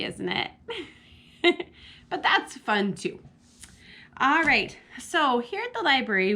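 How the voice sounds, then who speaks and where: A woman with a mid-range, slightly bright voice hosts a library storytime for young kids, recorded on a camera mic. She reads poems and chats with the children, addressing them directly and asking lots of questions as she goes.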